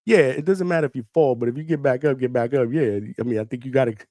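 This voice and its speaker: A man hosting a live call-in show with a mid-range voice and a dry, close-up sound. He is upbeat, laughs easily and keeps the talk moving with quick affirmations. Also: mid-range voice, warm tone, no room sound. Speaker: host.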